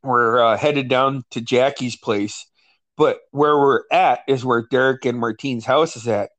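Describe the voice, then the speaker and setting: A man in his forties hosting a casual chat, swearing freely and retelling old stories with lively quoted lines. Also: medium pitch, measured pace, no room sound. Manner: profane, animated when retelling stories, lots of quoted voices. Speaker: podcast host.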